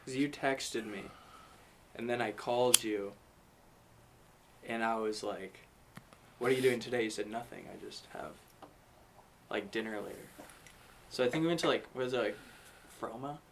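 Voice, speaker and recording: A man appearing as a guest in a studio, speaking quietly and low-key while recalling details. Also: moderate pace, long pauses, slight background noise. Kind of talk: casual chat.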